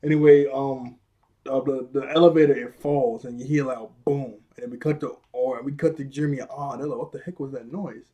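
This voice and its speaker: A young man with a husky, slightly breathy voice talks through a cartoon episode in a loose, rambling way. He laughs often and slips into quick impressions of the characters as he retells each scene. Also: medium pitch, fairly even intonation, mellow, lo-fi sound. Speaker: video reviewer. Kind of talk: casual episode recap.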